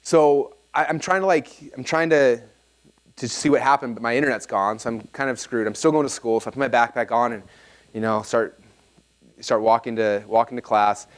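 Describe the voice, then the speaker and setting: A man presenting a seminar to a live audience, telling a story in an energetic, casual way with lots of "like" fillers. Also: medium pitch, normal speed.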